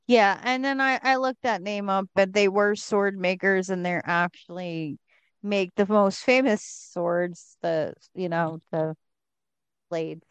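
A woman's voice: mid-range voice, steady tone, slow pace, clear, resonant tone, no room sound. A woman co-hosting a podcast, chatting in an enthusiastic, agreeable way about a TV episode. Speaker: podcast co-host. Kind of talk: casual chat recapping a TV episode.

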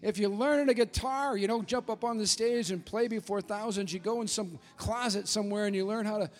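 A high-pitched man preaches with fervent emphasis and sometimes breaks into shouts. His voice carries a long, ringing reverb from the big sanctuary. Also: brisk. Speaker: pastor. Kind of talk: sermon.

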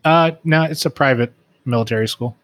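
A man with a mid-pitched voice talks on a podcast in a relaxed way. He adds dry, wry remarks and quotes a book with plain, easy delivery. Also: fairly quick. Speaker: podcast co-host. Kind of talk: casual book review chat.

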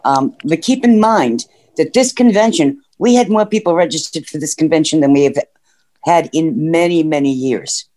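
Calling in to a discussion show, a man offers earnest comments at a normal speed, his voice a little high and warm in tone. Now and then his train of thought slips away from him.

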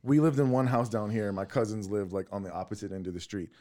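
A man's voice: fairly low pitch, fairly even intonation, fast talker, warm tone. A man, co-hosting a casual podcast chat and telling rowdy childhood stories with lots of laughing and swearing. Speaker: podcast co-host.

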